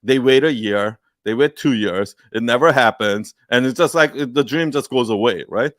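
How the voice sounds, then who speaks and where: A man's voice: medium pitch, normal speed, a bit bright, no room sound, studio quality. A man hosting a live Q&A, giving a blunt, profane, fired-up pep talk and mocking people's excuses in whiny put-on quotes. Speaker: host of a live Q&A. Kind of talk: unscripted livestream pep talk.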